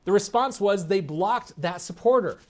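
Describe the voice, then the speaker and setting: A man delivering a keynote address in a convention meeting room, with a voice on the higher side for a man. He is combative and sarcastic, often quizzing the crowd. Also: expressive, moderate pace. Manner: combative, sarcastic, asks the audience questions. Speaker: keynote speaker. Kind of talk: political keynote speech.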